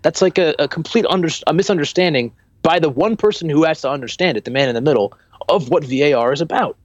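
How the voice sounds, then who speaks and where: A man co-hosting a casual football podcast, talking in an animated, rambling way with many restarts. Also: on the high side, fast talker, no echo, dull audio. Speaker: podcast co-host.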